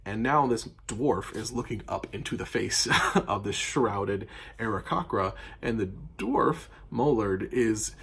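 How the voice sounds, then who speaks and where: A man's voice: fairly low pitch, lively intonation, unhurried, creaky, fairly bright tone, breathy edge. A man game master recapping a tabletop campaign in casual, rambling storytelling with lots of fillers.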